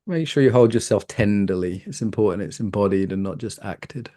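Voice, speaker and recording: A man from Britain teaching a live coaching workshop, lively and playful, asking the room questions. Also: on the low side, brisk.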